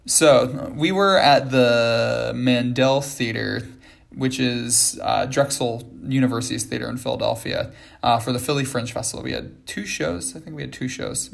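A man's voice: medium pitch, creaky. A man, a ballet dancer, casually telling stories with lots of fillers and restarts. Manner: rambling with many fillers and restarts. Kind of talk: casual storytelling.

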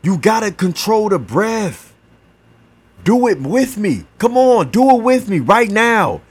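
A man hosting a podcast, giving a slow, encouraging motivational talk and leading a breathing exercise, repeating his words. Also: high-pitched, sing-song, breathy edge. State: gasping for air at times. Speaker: podcast host.

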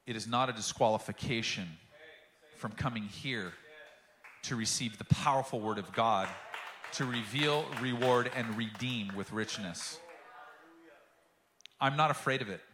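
A man's voice: mid-range voice, measured pace, long pauses, bright, forceful tone, roomy sound. A man preaching a sermon as pastor, telling a story with passion and acting out the quotes.

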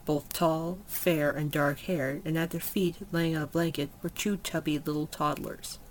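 Storyteller reading a fantasy story, unhurried, trips on words sometimes, faint hiss. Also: medium pitch, rough recording. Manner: unhurried, with small slips and self-corrections.

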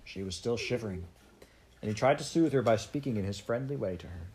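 Very low-voiced woman reading a story. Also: expressive, a little fast, darkish tone, slight background noise. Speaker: narrator. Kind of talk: audiobook narration.

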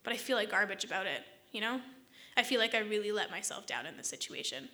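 A woman telling a personal story to camera in a casual, chatty way, exasperated and full of quick asides. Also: mid-range voice, animated, pushed and bright.

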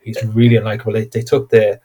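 A man casually discussing a horror film, animated, acting out quotes and repeating words as he thinks. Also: lowish voice, fast talker, husky. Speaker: podcast co-host.

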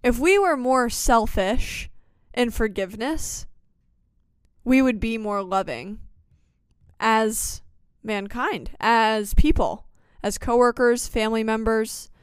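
A young woman hosting a solo podcast, talking in an earnest, thoughtful way with slow, deliberate phrases. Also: a little high, clear, resonant tone, no room sound, studio quality. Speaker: podcast host. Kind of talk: reflective solo podcast talk.

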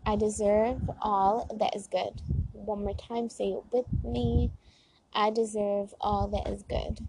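A woman's voice: mid-range voice, vocal fry, warm tone, a little hiss or hum, poor audio. A young woman in a casual, encouraging tone, leading spoken affirmations and repeating each one for listeners, with many fillers like "like" and "you know". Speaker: host.

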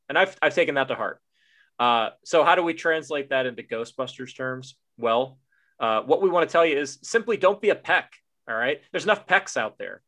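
A man's voice: mid-range voice, expressive, moderate pace, pushed and bright. A man co-hosting a podcast who gives an earnest, folksy pep talk to listeners. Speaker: podcast co-host. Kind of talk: closing monologue.

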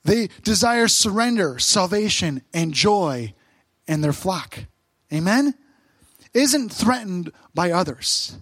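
High-voiced pastor preaching in short emphatic phrases. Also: male voice, sing-song, takes it slowly, fairly bright tone, husky, dry recording. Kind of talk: sermon.

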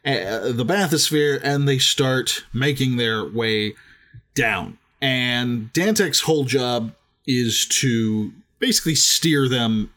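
A man co-hosting a casual book podcast, retelling scenes between laughs and dropping into quick silly voices for the characters. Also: medium pitch, pushed and bright. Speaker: podcast co-host.

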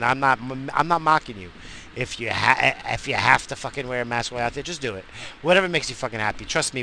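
A man rambles through a solo podcast monologue, crude, profane and quick to mock himself. His voice is bright and forceful, sitting in the middle range for a man. A faint hum of ambient noise runs behind him. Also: mid-range voice, vocal fry, low-quality recording. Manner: crude, profane and self-mocking. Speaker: podcast host.

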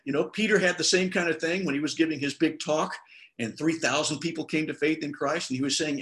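A man's voice: a little high, a little fast. A middle-aged male pastor giving a sermon, talking conversationally and acting out the people he quotes. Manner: conversational preaching with lively quoted voices.

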